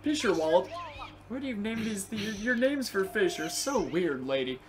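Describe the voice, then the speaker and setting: A young man giving casual, excitable gameplay commentary, swearing and chatting to the game's creatures. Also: sits high, moderate pace, faint music behind. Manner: excitable, profane, talks to game creatures. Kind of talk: casual let's play commentary.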